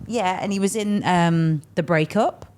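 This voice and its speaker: A young woman with an English accent chats and teases on a podcast. Her voice sits unusually low for a woman, and she laughs easily between lines. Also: unhurried, darkish tone. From England. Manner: teasing, laughs often. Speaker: podcast co-host. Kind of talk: casual chat.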